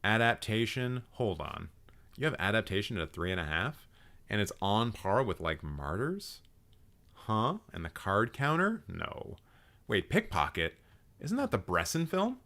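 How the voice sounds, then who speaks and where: Give me a lively, profane man on a live stream. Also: on the low side, a little slow. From Canada. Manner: animated, profane, mock-outraged ranting. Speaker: livestream host roasting viewers' film profiles.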